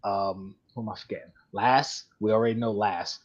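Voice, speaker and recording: A man's voice: on the low side, fairly even intonation, normal speed. A man hosting a live collectibles show, talking casually in a rambling, chatty way and laughing often. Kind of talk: casual live-stream chat. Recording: dull lo-fi stream audio.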